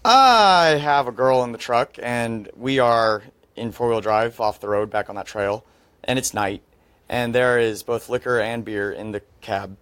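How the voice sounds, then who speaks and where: A man's voice: mid-range voice, measured pace, a bit bright, clear, resonant tone, no echo. A young adult man, a podcast guest, telling a story in casual chat, laying it out step by step with dry asides.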